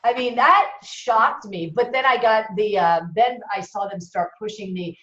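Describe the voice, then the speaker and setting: A woman chatting casually on a call, telling stories in an animated, chatty way. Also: mid-range voice, moderate pace, few pauses. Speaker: member on a call. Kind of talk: casual chat. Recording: roomy, dull call audio.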